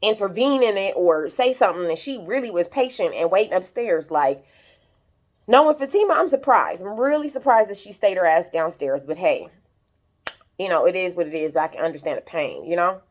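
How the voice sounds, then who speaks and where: A woman's voice: on the low side, lively intonation, brisk. A young woman recapping a TV episode in casual, gossipy chat, talking straight to her viewers and acting out the characters' lines. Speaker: YouTube show recapper. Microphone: compact camera.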